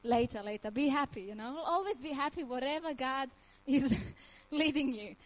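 A woman's voice: high-pitched, moderate pace, rough recording. A woman in her thirties from Croatia with a Croatian accent, telling her personal faith testimony in earnest, emotional English with frequent laughs. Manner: earnest, emotional, laughs often, nonnative grammar. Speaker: testimony speaker.

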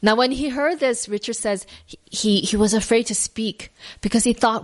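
A woman's voice: on the high side, normal speed. Woman podcast host; earnest, reflective devotional storyteller, loose and unscripted. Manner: earnest, reflective, with fillers and restarts.

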